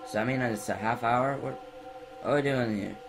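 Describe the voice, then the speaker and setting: A man's voice: medium pitch, a little fast, over music, rough recording. A young man giving jumpy let's play commentary from his bed, breaking into screams and goofy baby talk, on a computer mic. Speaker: gamer. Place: in bed at home.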